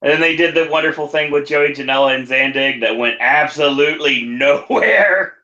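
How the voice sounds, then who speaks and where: A man's voice: on the high side, normal speed, pushed and bright, muffled recording. A man co-hosting a podcast in casual chat, who laughs often and joins in the banter. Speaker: podcast co-host.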